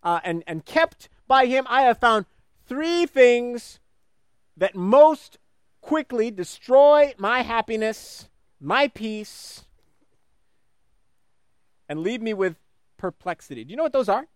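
A male preacher with a high, lively voice that leaps between soaring peaks and low, quiet drops. He preaches in an animated way, acting out voices in the stories he tells. The sound is dry and close, with no room echo. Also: slow pace, long pauses, clean tone. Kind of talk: sermon.

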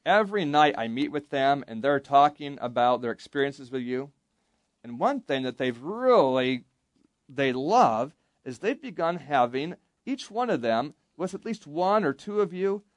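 With no echo on the recording, a man with a mid-range voice teaches Bible at a camp. His lesson for the young campers is interactive, full of questions to the group and call-and-response.

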